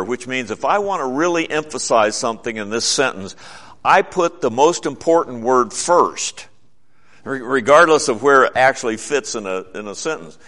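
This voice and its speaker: A man delivers a sermon in a mid-range voice. He teaches earnestly, slowing down and leaning hard on the words he wants to stress. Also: medium pitch, fairly bright tone. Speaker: preacher.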